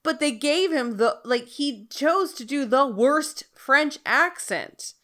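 Woman podcast co-host, slightly high, bright tone, chatty and animated. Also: slow pace. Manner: chatty, animated, laughs often. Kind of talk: casual chat.

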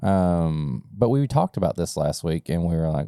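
A man's voice: deep voice, sing-song, moderate pace, warm tone, clean tone, dry recording, studio quality. A man co-hosting a casual podcast, bantering playfully with jokes. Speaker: podcast co-host. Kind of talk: casual chat.

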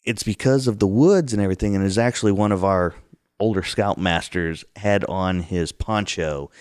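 Deep-voiced man telling a spooky tale. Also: normal speed, smooth, no echo. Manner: animated, acts out the scares with sudden high outbursts. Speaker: guest telling a story. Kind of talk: casual storytelling. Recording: dry close sound.

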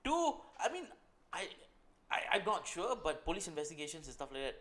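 Malaysian english guy cohosting a chill podcast, kinda high voice, bounces around a lot, keeps saying right?. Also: fairly quick. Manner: lively, joking, explains with many "right?". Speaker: podcast co-host. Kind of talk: casual chat.

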